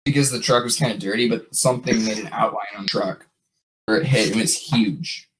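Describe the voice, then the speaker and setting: A man's voice: on the low side, steady tone, a little fast, slight background noise, rough recording. A man hosting a podcast, telling a story in a rambling casual way with many fillers and restarts. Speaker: podcast host.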